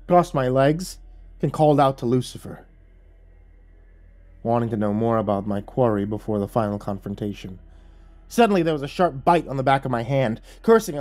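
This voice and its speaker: A man reading a horror story aloud in a measured, dramatic storytelling voice. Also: medium pitch, a little mellow. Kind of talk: scripted horror narration. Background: faint music.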